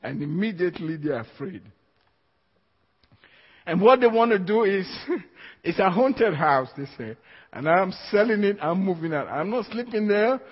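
Speaking unhurriedly with frequent pauses, a man with a high, animated, slightly breathy voice preaches a sermon. He stresses and repeats his key phrases and laughs softly between points, in a church hall recorded in dull lo-fi with long hall reverb.

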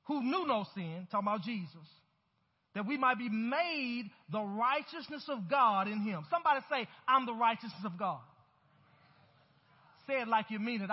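A male pastor with a high, somewhat husky voice and a breathy edge preaches expressively at a moderate pace, building in intensity as he invites the congregation to answer back. The sanctuary recording is muffled and hollow, carrying a long reverb.

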